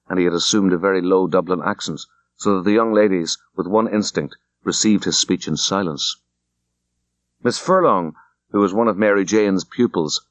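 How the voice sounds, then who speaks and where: A man reading a classic story aloud as an audiobook, in an unhurried, measured narration. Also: deep voice, dry recording. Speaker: audiobook reader. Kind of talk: scripted narration.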